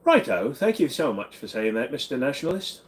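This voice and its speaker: A man's voice: mid-range voice, very animated, a little fast. Blunt, joking man hosting a Q&A. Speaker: channel host. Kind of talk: casual livestream Q&A.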